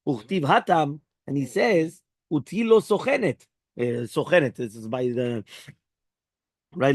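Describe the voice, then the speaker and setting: A man teaching a daily Talmud class, mixing Hebrew and Aramaic phrases into his English explanation and acting out the dialogue. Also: no echo. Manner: acts out dialogue with raised pitch. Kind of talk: Daf Yomi Talmud class.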